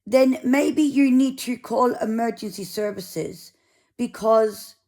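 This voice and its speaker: A woman voicing a preachy female volunteer in a put-on South African accent, slow and patronizing. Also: medium pitch, animated, creaky.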